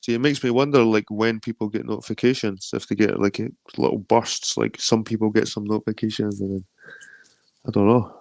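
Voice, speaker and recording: A Scottish man of around forty hosts a loose livestream chat, greeting viewers and reading out their comments. His low, gravelly voice sounds dry and close. He rambles and swears freely. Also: fairly even intonation, fairly quick, darkish tone, dry recording. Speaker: livestream host.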